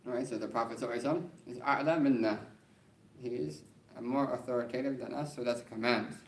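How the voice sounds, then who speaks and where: A man teaching an Arabic grammar class, reading the text quickly and then explaining it slowly, often checking in with "right?". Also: medium pitch. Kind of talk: classroom lesson. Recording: roomy classroom with faint background noise.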